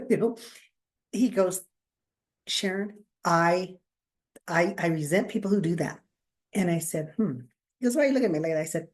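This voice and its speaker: A woman talks casually as a podcast co-host, spinning stories from her counseling work. She acts out other people's lines with lively changes of voice and breaks into laughter along the way. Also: mid-range voice, moderate pace, long pauses. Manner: animated storyteller, acts out quotes, laughs often. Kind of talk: casual chat, storytelling.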